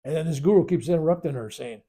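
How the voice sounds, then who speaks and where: A man leading a spiritual workshop, telling a long personal story in a rambling, animated way and acting out the quoted voices. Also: a little high, fast, slightly rough. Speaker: spiritual teacher. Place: workshop room.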